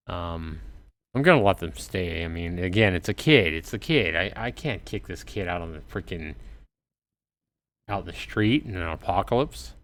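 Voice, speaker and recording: Slow-talking, chatty male game streamer. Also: low voice, fairly bright tone. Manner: chatty, reacts aloud to the story. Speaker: gaming livestreamer. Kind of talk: casual gameplay commentary.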